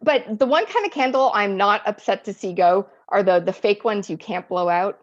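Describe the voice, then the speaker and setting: A woman's voice: mid-range voice, normal speed, muffled recording. A woman doing a stand-up set, chatty and self-deprecating, often laughing at her own jokes. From Eastern Europe. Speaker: stand-up comic. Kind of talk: stand-up routine.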